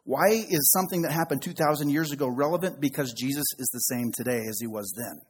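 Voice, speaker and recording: A man's voice: mid-range voice, quick pace, husky. A middle-aged male pastor giving a conversational sermon with joking asides.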